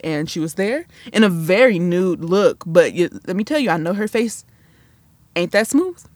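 A woman's voice: fairly low pitch, expressive, moderate pace, darkish tone, no echo. A woman hosting a podcast, talking solo in a sassy, chatty way that drifts off on tangents. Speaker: podcast host. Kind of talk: casual solo commentary.

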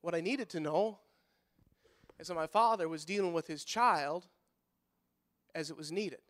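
A middle-aged pastor preaching a sermon in a folksy manner, rising to loud fervent passages and dropping to quiet, soft-spoken stretches. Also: male voice, a little high, measured pace. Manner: folksy, repeats words when fired up.

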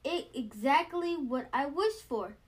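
A woman voicing a calm, thoughtful young girl bear cub in a storybook, speaking in a gentle, reasoning tone. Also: high-pitched, a little slow.

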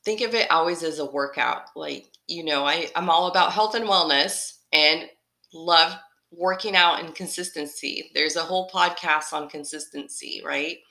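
A woman hosting her own motivational podcast, speaking in a somewhat low but bright, forceful voice. She is upbeat and encouraging, and she circles back to repeat her main points. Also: moderate pace. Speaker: podcast host.

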